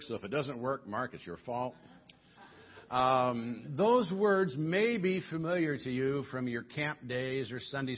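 A man's voice: medium pitch, husky, dull audio. A male pastor giving a sermon in a church, coaxing the congregation into singing with a chatty, joking manner. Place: church sanctuary.

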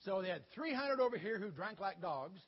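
A man's voice: high voice, expressive, brisk, husky. A man giving a children's story sermon as a pastor, telling it animatedly and inviting kids to join in. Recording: dull lo-fi sound.

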